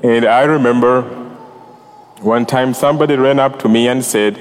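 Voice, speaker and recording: A man from Uganda with a Ugandan accent, a priest preaching a sermon in a church, speaking in a measured way with soft laughs. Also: medium pitch, steady tone, slight background noise. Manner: slow, warm-hearted address with soft laughs and measured pauses. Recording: reverberant church hall.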